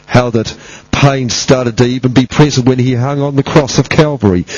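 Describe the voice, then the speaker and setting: Male preacher, husky tone, emphatic and repetitive delivery, muffled lo-fi recording. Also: mid-range voice, fairly even intonation, normal speed, darkish tone, no echo. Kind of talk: sermon.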